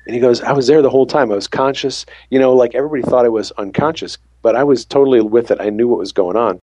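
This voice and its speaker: An ambulance worker speaks fast in a warm, medium-pitched voice, telling a story of faith from his work and voicing the dialogue himself. No room sound comes through.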